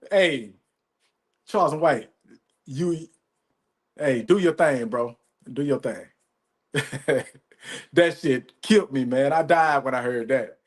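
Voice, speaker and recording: Podcast host guy, kinda high voice, cussing a lot and repeating himself, real emphatic. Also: animated, slow pace, long pauses. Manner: emphatic, profane, repetitive, says "you know what I'm saying". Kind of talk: profane commentary rant.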